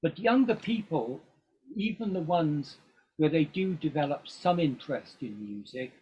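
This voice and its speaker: This guest musician from England is an older man with a fairly high voice and lively intonation, speaking unhurriedly. His casual interview talk wanders, full of ums and false starts. There's slight background noise on a dull, lo-fi recording.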